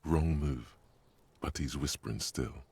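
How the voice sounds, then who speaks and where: A grave inner narrator for a video game, calm and ominous. The voice is extremely deep and gravelly with a husky rasp. He speaks in measured, deliberate tones. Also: no room sound, exaggerated voice.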